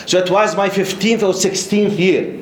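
Jordanian man giving a lively religious talk. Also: sits high, normal speed. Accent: Jordanian Arabic. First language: Arabic. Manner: lively, laughing, repeats words. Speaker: Islamic studies lecturer. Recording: roomy echo.

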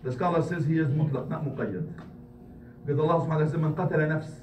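Impassioned high-voiced preacher in an echoey hall. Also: male voice, a little mellow, dull audio. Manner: impassioned, rising to emphatic peaks, recites Arabic quickly. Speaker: imam giving a Friday sermon. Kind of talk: sermon. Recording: echoey hall, mic at a distance, faint noise.

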